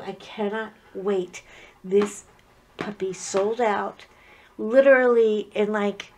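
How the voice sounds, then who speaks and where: A woman's voice: on the high side, fairly bright tone, a little hiss or hum. A middle-aged woman chatting casually as she unboxes a craft kit at home, joking and wandering off-topic with frequent restarts. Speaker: craft vlogger.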